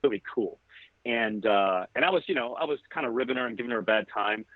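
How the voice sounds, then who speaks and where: A man's voice: medium pitch, fast talker, no echo. Man on a tinny, dry call line. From California. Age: about 40. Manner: relaxed, rambling anecdotes. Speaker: photographer guest. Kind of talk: interview storytelling.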